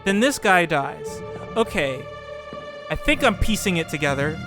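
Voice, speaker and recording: A man's voice: on the high side, big pitch swings, measured pace. A man hosting a let's play, commenting casually on a puzzle game and thinking aloud in rambling, restarting sentences. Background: background music.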